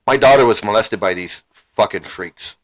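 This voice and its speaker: A man's voice: fairly low pitch, moderate pace, rough recording. Heated middle-aged man ranting. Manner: heated and emotional, repeating himself, swearing. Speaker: channel host. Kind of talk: angry livestream rant.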